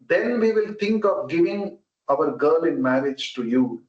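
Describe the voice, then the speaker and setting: A man's voice: on the high side, lively intonation, measured pace, darkish tone. A man voicing a scornful atheist son who challenges with confident mockery. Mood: mocking. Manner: challenging, mocking. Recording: roomy, muffled online call audio.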